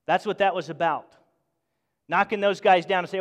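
A fairly high-voiced man preaching with fervor, his delivery rising into emphatic bursts and then dropping to near-hushed tones. The voice rings out in a church hall with a long reverb tail. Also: expressive, normal speed. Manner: passionate, swings from loud to hushed. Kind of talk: sermon.

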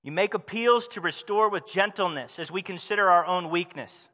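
This preacher's voice is high and bright, carrying a tense edge, and he keeps a moderate pace. Talking with his congregation in a conversational way, he poses rhetorical questions during the sermon. His words ring with a long reverb, like in a big hall.

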